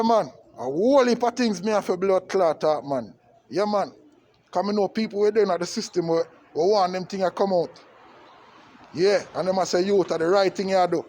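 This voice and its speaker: A high-pitched, slightly mellow male voice belongs to a Jamaican vlogger passionately ranting about politics on camera. He repeats himself forcefully and often uses tag questions to check in with whoever's watching.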